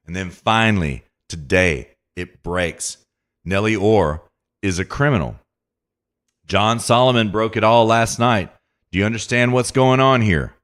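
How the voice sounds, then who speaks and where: Guy hosting a political podcast, lowish voice, reads the article then rants at the listener. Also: animated, a little slow, a bit bright. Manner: emphatic, reads news aloud and comments, addresses listener directly. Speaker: podcast host. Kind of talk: political commentary monologue.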